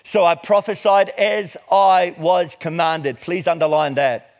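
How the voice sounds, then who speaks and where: A middle-aged man preaching a sermon, reading scripture slowly and with emphasis before explaining it. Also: a little high, fairly even intonation. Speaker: pastor.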